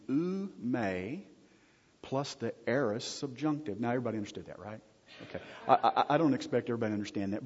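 A man's voice: on the low side, a little mellow. A man preaching a sermon as pastor, conversational, often checking in with the congregation and joking with them. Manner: asks the audience frequent check-in questions. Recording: husky voice, long hall reverb, dull lo-fi sound.

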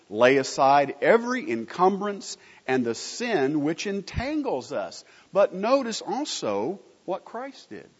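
A man's voice: fairly high pitch, breathy edge. A man preaching a sermon, asking the congregation questions and answering them himself in an emphatic teaching manner. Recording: muffled recording with long hall reverb.

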